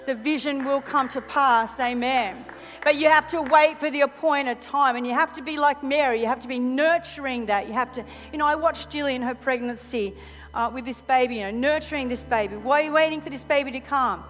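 A woman preaching a sermon, telling a story with animated delivery and frequent laughter. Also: sits high, fairly quick. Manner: animated storytelling, acts out quotes, laughs often. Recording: long hall reverb, faint music.

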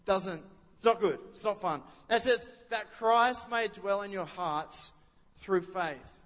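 A man's voice: high-pitched, slow pace, fairly bright tone, in a large hall. A man preaching a sermon in a chatty way, often stopping to ask the congregation questions. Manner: conversational, quizzes the congregation, many restarts. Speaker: pastor.

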